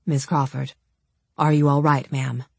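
A man's voice: mid-range voice, unhurried, creaky, slightly rough, no room sound, pitched below the performer's own voice. A woman voicing a cool, polite male security agent of about forty who speaks formally and calls people ma'am. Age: 40s. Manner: calm, formal, says ma'am. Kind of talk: audiobook character voice.

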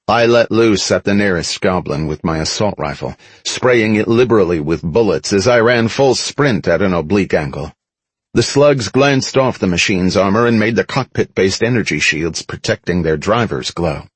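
A man narrates a first-person action audiobook with a husky, low voice, expressive and at normal speed. He hits dramatic emphasis with wide pitch swings. The sound is close-miked and dry.

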